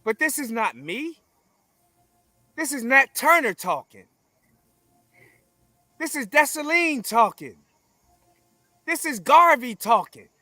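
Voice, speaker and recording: A man speaking as an interview guest in a forceful, emphatic, preaching way, full of repetition and blunt profanity. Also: very high-pitched, big pitch swings, slow, long pauses, no echo, soft background music. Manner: forceful, emphatic, preaching cadence with repeated phrases. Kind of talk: confrontational conversational interview.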